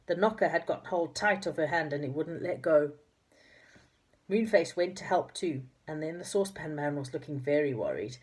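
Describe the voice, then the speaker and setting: Low husky woman reading a storybook. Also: lively intonation, moderate pace, a little mellow. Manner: unpolished reading with slips and self-corrections. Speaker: narrator. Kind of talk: reading a children's storybook aloud.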